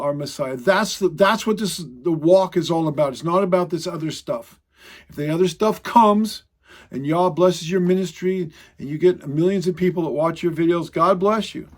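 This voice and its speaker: Man, online congregation teacher, casual Bible teaching, slightly high-pitched, rambling, self-correcting. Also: darkish tone. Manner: rambling, self-correcting, frequent filler sounds.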